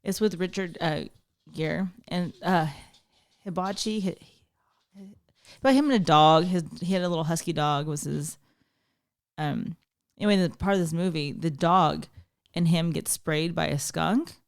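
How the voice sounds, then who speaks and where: A woman's voice: low-pitched, a little slow, gravelly, long pauses. A woman, chatting as a podcast guest and telling stories with lots of fillers. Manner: chatty storyteller with many fillers. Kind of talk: casual chat.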